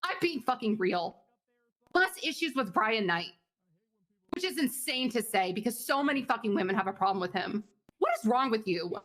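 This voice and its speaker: A young woman in a heated, profane in-character argument, ranting fast and angrily. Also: fairly high pitch, lively intonation, a bit bright. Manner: angry, profane, rapid rants. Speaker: roleplayer in police department.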